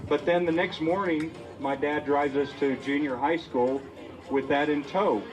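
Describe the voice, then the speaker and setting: A man's voice: fairly high pitch, steady tone, measured pace, over music. A man who runs the restaurant, telling a folksy story to a crowd in an easygoing way with a few fillers. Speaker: restaurant owner. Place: busy restaurant event.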